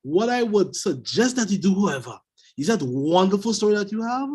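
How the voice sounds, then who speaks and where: Husky man giving emphatic speech feedback. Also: high-pitched, sing-song, fairly quick, a little mellow. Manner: emphatic, repeats key advice. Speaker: speech evaluator. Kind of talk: speech evaluation on a video call. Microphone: video call.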